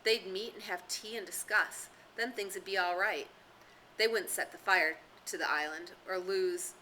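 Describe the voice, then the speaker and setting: Woman doing a nervous, fussy boy in glasses; pleading, frets a lot, bright tone. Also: moderate pace, a little hiss or hum, lightly acted, low-quality recording. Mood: wistful. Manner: worried, pleading, rising to a squeak. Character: anxious plump schoolboy with glasses, fussy.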